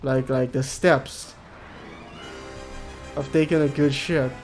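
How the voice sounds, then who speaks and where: A man's voice: mid-range voice, steady tone, takes it slowly, a little mellow, faint music behind. A man chatting casually on a game stream, rambling and joking and reading out chat messages. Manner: rambling, jokey, reads chat aloud.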